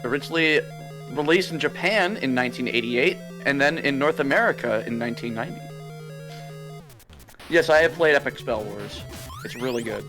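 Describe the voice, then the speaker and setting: A man's voice: medium pitch, fairly quick, music in the background. A man co-hosting a game stream, joking boisterously and swearing freely in casual banter.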